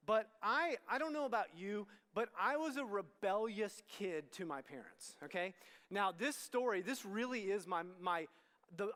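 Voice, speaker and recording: A middle-aged man from Texas gives a youth sermon in a candid, conversational way, often restarting his sentences and turning to the crowd. His voice sits high for a man. It rings out with the long reverb of a big worship hall. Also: a bit bright. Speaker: student ministry pastor.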